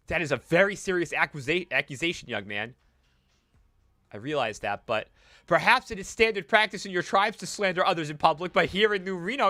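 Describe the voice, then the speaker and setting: A man's voice: sits high, pushed and bright, dry recording, voice pushed up, exaggerated voice. A man voicing a prim, prudish middle-aged temperance lady who sounds scandalized and huffy.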